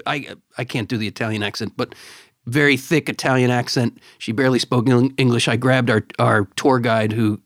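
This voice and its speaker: A middle-aged man chatting on a podcast, spinning a story with lively energy and tripping over repeated words when he gets excited. His voice sits in a middle register and is recorded close and dry. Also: medium pitch, a little fast, no room sound. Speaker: podcast co-host. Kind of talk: casual chat and storytelling.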